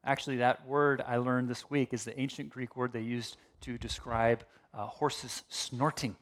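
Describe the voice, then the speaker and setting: A male pastor preaching a sermon in a conversational, animated way, with asides and restarts. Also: medium pitch, measured pace.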